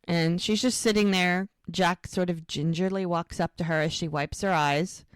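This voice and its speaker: A woman's voice: lowish voice, normal speed, clear, resonant tone, dry recording. A woman co-hosting a podcast, recapping a TV episode in casual chat and acting out the scenes as she tells them. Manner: animated storyteller, acts out the scenes. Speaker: podcast co-host.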